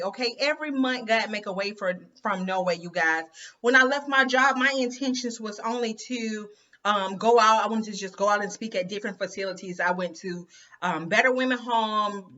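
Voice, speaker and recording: Chatty, emphatic woman with a bright voice. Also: mid-range voice, lo-fi sound. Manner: chatty and emphatic, addresses viewers as "you guys" and "girl". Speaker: host of an inspirational women's channel. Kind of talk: casual storytelling to viewers.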